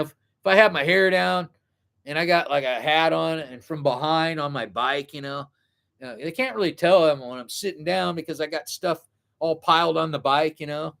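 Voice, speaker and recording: A man's voice: fairly high pitch, creaky, fairly bright tone. A middle-aged man telling a story in a rambling, casual way, full of fillers and self-corrections.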